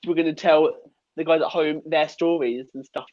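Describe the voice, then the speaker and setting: A man's voice: fairly high pitch, fairly even intonation, moderate pace, darkish tone, highs cut off. A man, a guest podcaster on a video call, chatty and promoting his show. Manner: chatty, plugs own show. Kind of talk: casual live-stream chat.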